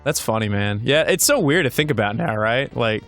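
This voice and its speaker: A man with an Australian accent chats loosely while he plays a video game. His voice sits at an ordinary middle pitch, and his talk wanders and swears freely. There is faint music behind him. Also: animated, a little fast, a bit bright. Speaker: co-host of a gaming show. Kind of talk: casual chat while playing a video game.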